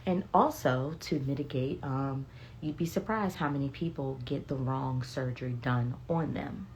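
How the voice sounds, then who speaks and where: Low-voiced woman chatting on a livestream. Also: moderate pace, a little hiss or hum. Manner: candid, animated storytelling with blunt profanity; reads viewer comments aloud. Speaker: beauty vlogger sharing health updates. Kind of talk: casual livestream chat. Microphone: phone livestream.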